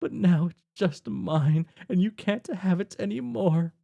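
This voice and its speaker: A man's voice: on the high side, slow pace, vocal fry, no echo, lo-fi sound, exaggerated voice. A man voicing a furious teenage girl who snaps in exasperated outbursts while reading a webcomic aloud. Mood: irritated. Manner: sharp, exasperated, shouting outbursts.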